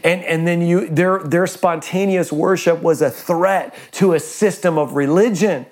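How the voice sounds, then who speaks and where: A man preaching a livestreamed sermon, fervent and exclamatory, breaking into quick laughs. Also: on the high side, a little mellow. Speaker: pastor.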